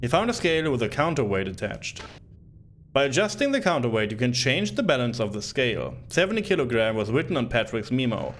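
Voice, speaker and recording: A man's voice: medium pitch, sing-song, fairly quick, fairly bright tone, slight background noise. A man streaming a retro game, reading the on-screen text aloud and cracking joking asides in casual commentary.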